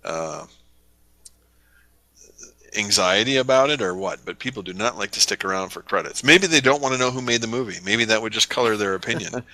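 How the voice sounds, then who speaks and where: A young man with a low, very bright and forceful voice, joking wryly in casual podcast chat. The sound is dry and close, with no room echo. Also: moderate pace, pauses often. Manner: wry, joking, acts out quotes in funny voices. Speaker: podcast co-host.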